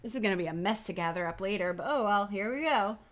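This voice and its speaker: A woman's voice: medium pitch, lively intonation, fast talker, a bit bright. Playful, giggly woman reading aloud. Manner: playful, giggly, swears casually. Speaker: livestream host. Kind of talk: reading a children's horror book aloud with live commentary. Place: home streaming setup. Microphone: streaming microphone.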